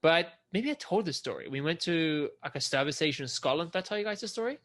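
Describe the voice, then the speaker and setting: Here's an animated young man trading stories on a podcast, his voice sitting a little high for a man. He swears freely and carries the conversation with easy, chatty energy. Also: fast. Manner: animated storyteller, swears casually. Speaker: podcast co-host. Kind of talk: casual chat.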